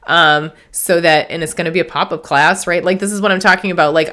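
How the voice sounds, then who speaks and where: Low-voiced woman podcasting about spirit. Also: steady tone, brisk, few pauses, sharp tone. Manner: rambling, earnest, with self-corrections and laughs. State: teary and sniffly. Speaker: podcast host and medium. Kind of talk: casual spiritual podcast talk.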